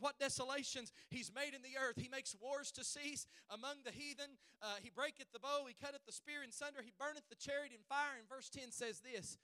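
A male pastor delivers a fervent sermon at a church service, his voice unusually high and bright. He stretches out key phrases and climbs to shouted peaks. The sound is smooth and dry. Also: a little fast, few pauses, no room sound.

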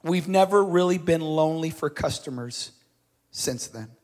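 Male preacher, storytelling sermon; slightly high voice, dramatic swells and soft drops. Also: measured pace. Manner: dramatic readings with swelling and dropping loudness.

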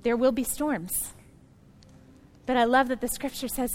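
A woman pastor preaching a sermon to her congregation, speaking earnestly and directly to the listeners, building into loud, emphatic passages. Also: a little high, fairly even intonation, measured pace, slight background noise.

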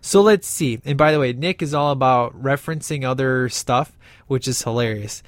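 A man's voice: medium pitch, normal speed, dry recording. A man hosting a casual podcast, talking with lots of fillers and reading a listener's email aloud. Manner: enthusiastic, rambling with many fillers. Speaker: podcast host.

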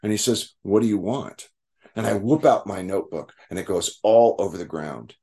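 A man's voice: low-pitched, brisk, vocal fry, warm tone, breathy edge. A man telling his own recovery story to a group, candid and profane, acting out the people he quotes.

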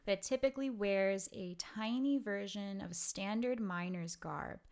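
A woman's voice: mid-range voice, normal speed, darkish tone. A woman from Brooklyn co-hosting a podcast in casual chat, rambling with lots of "like" and the odd curse word. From Brooklyn, New York. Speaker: podcast co-host.

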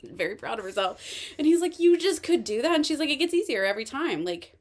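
Animated woman recapping, laughing a lot. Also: sits high, a little fast. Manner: animated storytelling, acting out quoted lines, laughs often. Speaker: podcast co-host. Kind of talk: casual chat recapping a TV episode.

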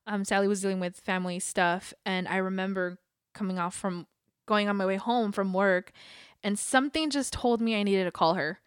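A woman co-hosting a podcast, talking in an earnest, halting way and laughing often. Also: medium pitch, fairly even intonation, smooth, no room sound, clean studio sound. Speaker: podcast co-host. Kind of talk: casual chat.

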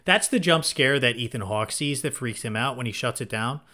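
A man's voice: mid-range voice, lively intonation, normal speed, sharp tone. A man co-hosting a casual film discussion, eager and often restarting his sentences. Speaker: podcast co-host.

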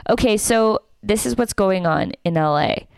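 Animated young woman telling a story. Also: mid-range voice, moderate pace, vocal fry, slight background noise. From Canada. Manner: animated, acts out quotes. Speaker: comedian and podcast co-host. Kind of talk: casual podcast storytelling.

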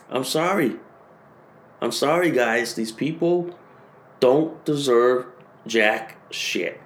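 A man hosting a podcast, ranting and hammering the same phrases over and over, rising to shouted peaks. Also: mid-range voice, slow, pauses often. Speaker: podcast host. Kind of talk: political rant.

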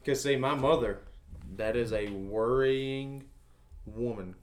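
A man's voice: mid-range voice, slow pace, a crowd in the background. A man chatting easily on a podcast and laughing along with the others. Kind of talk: casual chat.

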